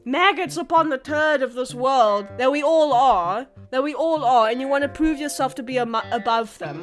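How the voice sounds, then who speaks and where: Female creator, very high pitch, profane and exasperated unscripted rant. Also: lively intonation, normal speed, few pauses, faint music behind. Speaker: online video creator.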